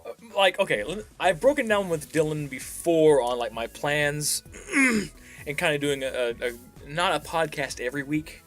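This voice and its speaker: A man's voice: a little high, moderate pace, soft background music. A man co-hosting a casual podcast, laughing often and swearing freely as he chats. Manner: laughs a lot, lively and profane. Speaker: podcast co-host. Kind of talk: casual chat.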